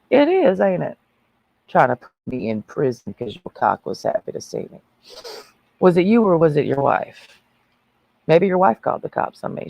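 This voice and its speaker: A woman's voice: extremely low pitch, creaky, a little mellow, slightly rough, no room sound, low-quality recording. A woman ranting on a livestream in a brash, mocking, preachy way.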